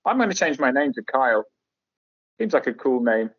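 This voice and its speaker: A man's voice: medium pitch, sing-song, moderate pace, fairly bright tone, husky, muffled recording. A middle-aged man chatting as a podcast guest, sardonic and jokey as he tells stories. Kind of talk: casual chat.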